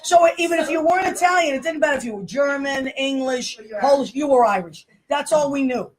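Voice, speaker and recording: A woman, hosting a show with loud, laughing, rambling talk. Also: sits high, fairly quick, a crowd in the background. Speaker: host. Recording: noisy room sound.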